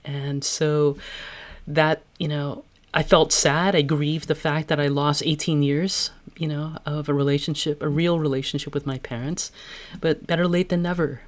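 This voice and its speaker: A woman's voice: deep voice, fairly even intonation, normal speed. A woman-voiced podcast guest telling personal stories candidly and reflectively, laughing easily. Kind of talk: personal storytelling in interview.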